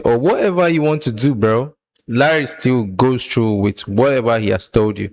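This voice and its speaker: A man's voice: fairly low pitch, poor audio. A man hosting a reaction video, talking casually and emphatically, throwing rhetorical questions and calling the listener "bro".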